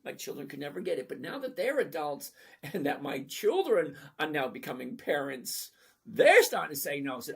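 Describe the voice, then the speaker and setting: A man's voice: a little high, sing-song, moderate pace, creaky, fairly bright tone, slightly rough. A man in his fifties hosting a casual live stream, chatty and jokey as he greets viewers one by one and teaches investing.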